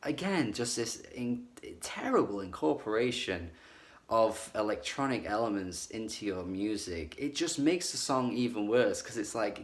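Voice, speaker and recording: Blunt low-voiced male music reviewer. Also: expressive, unhurried. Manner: blunt, critical, uses lots of "like" fillers. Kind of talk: casual spoken album review.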